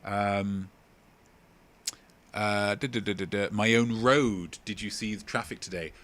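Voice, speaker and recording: A man's voice: fairly low pitch, fairly even intonation, unhurried, a bit bright. A young man hosting a casual livestream quiz, joking and rambling as he reads out answers from viewers. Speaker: quiz host.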